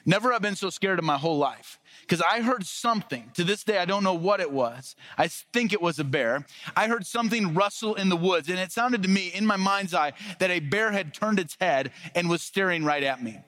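A male pastor preaching a casual sermon, telling stories and acting out the quoted lines with lively energy. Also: high voice, fairly quick, no room sound. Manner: storytelling with lively acted-out quotes.

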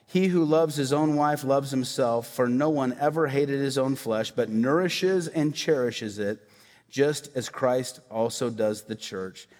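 A man's voice: medium pitch, a little mellow. A man preaching a sermon in a church, talking conversationally and animatedly to the congregation with asides. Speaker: pastor. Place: church sanctuary. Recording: hall reverb.

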